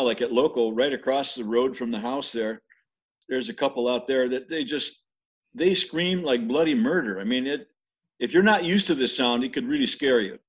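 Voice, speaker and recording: An older man tells stories in a loose, rambling way, full of restarts and asides. His voice is a little husky, and the recording sounds dull and lo-fi. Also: medium pitch. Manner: rambling, many restarts, imitates animal screams. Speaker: interviewee recalling mission life. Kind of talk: casual storytelling.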